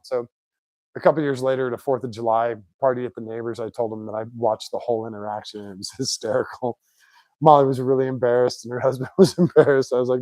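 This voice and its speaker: A man chatting casually in his home garage shop, telling lively anecdotes and mimicking the people in them. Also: medium pitch, no echo. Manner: chatty, animated anecdotes with put-on quotes. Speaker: shop owner, car builder. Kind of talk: casual storytelling.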